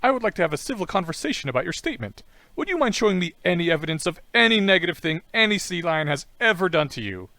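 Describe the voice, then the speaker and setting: A man's voice: high-pitched, big pitch swings, fast talker, bright, forceful tone, dry recording, pitched above the performer's own voice, full character voice. A man voicing an overly polite male sea lion who keeps pressing for a debate with formal, insistent courtesy. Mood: prim, pestering.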